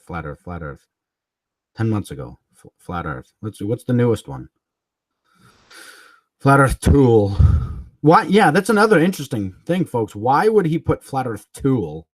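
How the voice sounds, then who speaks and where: A man's voice: medium pitch, wildly swooping pitch, normal speed, no room sound. A man hosting a livestream, ranting in a combative, mocking way, swearing and chuckling between jabs. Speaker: livestream host.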